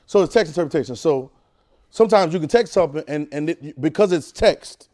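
A man's voice: fairly high pitch, lively intonation, a little fast, a little mellow. A man preacher teaching a Bible class, repeating phrases and pulling call-and-response answers from the room.

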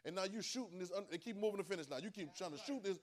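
High-voiced male preacher teaching scripture, emphatic and repetitive, calls listeners to answer. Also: very fast. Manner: emphatic, repeats phrases, calls for responses from listeners. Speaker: preacher teaching a Bible class. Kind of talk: sermon.

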